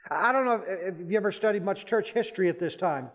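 Man, pastor, sermon, storytelling, emphatic, slightly high voice, dull recording, echoing hall. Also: fast talker. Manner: storytelling, emphatic rises in pitch. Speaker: Baptist pastor. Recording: muffled church hall with long reverb.

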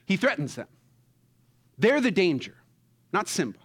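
The pastor's high-pitched, husky voice moves at a measured pace through his sermon. He impersonates movie characters and alternates between loud, excited outbursts and quiet, tender passages.

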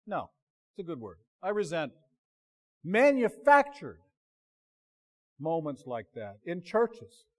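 A man preaching a sermon in a conversational way, often stopping himself mid-phrase and dropping to a quiet voice for emphasis. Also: fairly high pitch, huge pitch swings, slow pace, long pauses. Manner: conversational, self-interrupting, drops to quiet emphasis.

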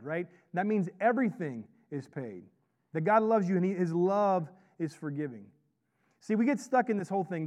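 A man's voice: high-pitched, a little mellow. A man who is a pastor and chaplain, preaching a sermon in a conversational way and often checking in with "right?". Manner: conversational, repeats "right?" to draw in the congregation.

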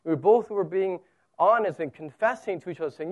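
A man's voice: high-pitched, animated, fairly quick, dull audio. A man preaching a sermon in an earnest way, explaining scripture plainly, with his voice swelling and dropping. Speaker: pastor. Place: church service held in a zoo venue.

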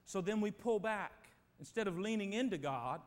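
A man preaching a sermon as pastor, emphatic and swinging between loud and quiet passages, speaking to his church. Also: sits high, animated, moderate pace. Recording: long reverb of a church hall.

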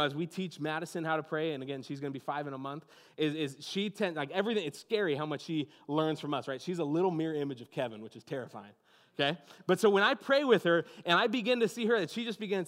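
Higher-pitched male pastor, talky and informal from the pulpit. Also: quick pace. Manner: conversational preaching, many "like" and "you know what I mean". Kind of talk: sermon.

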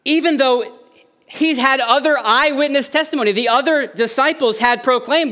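A middle-aged male pastor preaching with a notably high, light voice. He delivers the sermon earnestly, lifting his voice to stress key phrases. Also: moderate pace, sharp tone.

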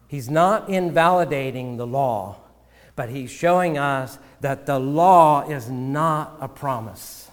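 Slow-preaching pastor in a reverberant church. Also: male voice, on the high side. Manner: slow, measured preaching with repeated words. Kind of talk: sermon. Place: church sanctuary.

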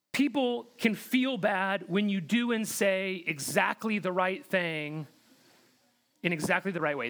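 Preaching a sermon, a pastor speaks in an earnest, direct way and often repeats words for emphasis. His voice sits high and sounds a bit bright.

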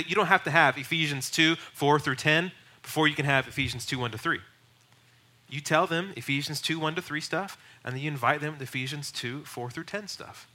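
A middle-aged pastor teaches on evangelism and sharing the faith, his fairly high voice strikingly bright and sharp. He speaks earnestly and emphatically, at times pushing into raised, urgent stretches.

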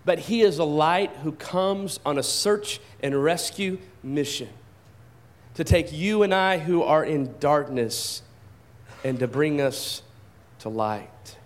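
A man's voice: a little high, lively intonation, slow pace. A man preaching a sermon at a church service into a microphone, talking conversationally, asking the congregation questions and often repeating his first words. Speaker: pastor. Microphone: handheld or stand microphone.

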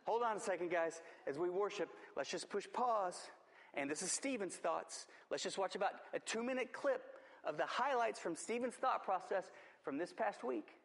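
Emphatic preacher in a reverberant church. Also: male voice, high voice, lively intonation, moderate pace, vocal fry. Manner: emphatic preaching with repeated phrases. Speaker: pastor. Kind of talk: sermon.

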